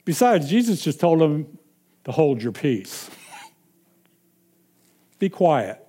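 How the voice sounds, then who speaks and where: A man's voice: a little high, very animated, slow pace, warm tone, husky. A man preaching a sermon, emphatic and repeating his points with frequent chuckles.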